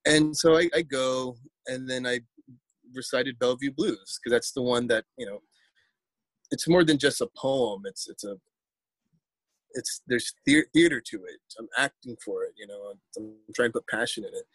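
A man's voice: mid-range voice, normal speed, a bit bright, no room sound. A man, a poet telling a story in a casual interview, rambling and repeating words as he acts out quotes.

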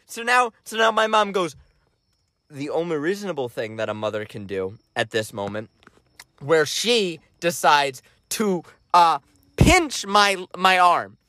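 A man with a high, bright voice tells a story on a casual podcast. He gets animated and jumps up into shrill quotes, laughing as he goes. The sound is close and dry, with no room around it. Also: no echo. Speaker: podcast co-host.

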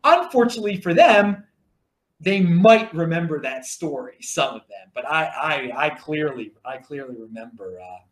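A man's voice: on the high side, normal speed, roomy sound. A man with a Baltimore accent hosting a podcast, telling stories in a rambling, jokey way with many restarts. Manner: animated, repetitive restarts, jokey asides. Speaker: podcast host. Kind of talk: casual rambling monologue.

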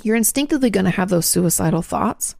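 A woman hosting a show, answering listener questions in a fast, chatty, frank advice talk and swearing now and then. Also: medium pitch, animated, vocal fry, darkish tone, no echo, studio quality.

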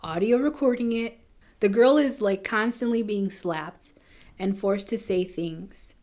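A woman's voice: medium pitch, darkish tone. Chatty woman telling a crime story. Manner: chatty, fast asides with nervous laughs. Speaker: true crime podcast host. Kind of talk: casual storytelling.

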